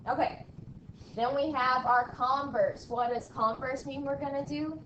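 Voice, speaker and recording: A woman teacher speaks slowly and deliberately, her fairly high voice reaching the mic from across an echoey classroom. She drills her class with call-and-response repetition and checks in with "okay?" again and again. Faint room noise sits under her voice. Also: fairly even intonation, fairly bright tone, far from the mic, dull audio. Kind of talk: classroom math lesson.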